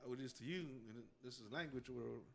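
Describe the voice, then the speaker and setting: A man's voice: mid-range voice, fast talker, gravelly, slight background noise. A man co-hosting a podcast, chatting casually, swearing often and laughing as he rambles through a story. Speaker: podcast co-host. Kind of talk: casual chat.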